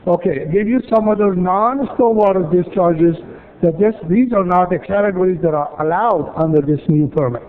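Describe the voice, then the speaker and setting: A man's voice: high voice, moderate pace. A man from city staff presenting at a council meeting, explaining rules step by step with repeated points and dry asides. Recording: tinny, phone-like archive audio.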